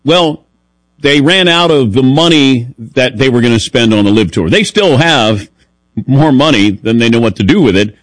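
Male sports-talk host, mid pitch, chatty and self-mocking, dry close mic. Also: animated, moderate pace, no room sound. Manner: chatty storytelling, self-deprecating humor. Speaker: radio show host.

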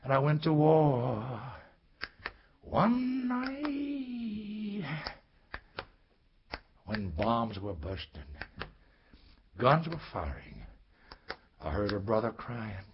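An older man performing a story in rhythmic, sing-song spoken word, swinging from loud cries to hushed whispers. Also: medium pitch, wildly swooping pitch, extremely slow, pauses often. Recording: dull lo-fi recording with faint noise.

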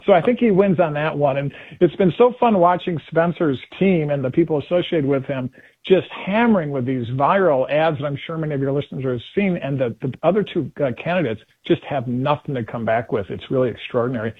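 Male political commentator calling in, husky voice, tinny phone line, animated and chatty. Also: a little high, brisk, no room sound. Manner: animated, acts out quotes in put-on voices. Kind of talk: casual political talk on radio. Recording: phone-line call-in audio.

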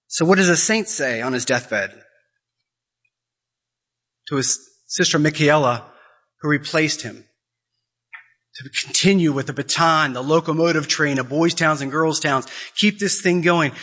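A man's voice: normal speed, sharp tone. A man preaching an impassioned sermon, growing emotional and acting out quoted conversations. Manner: emotional, rising to high-pitched pleading; acts out quoted dialogue.

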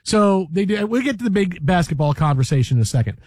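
A man hosting a talk radio show, bantering playfully with co-hosts, laughing often and slipping into quick impressions. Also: high-pitched, big pitch swings, darkish tone, dry recording, clean studio sound. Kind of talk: casual sports radio banter.

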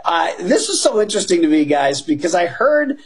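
Husky high-voiced man pitching bets. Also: brisk. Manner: energetic, emphatic, keeps addressing the panel as guys. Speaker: sports betting analyst. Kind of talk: animated betting talk show chat.

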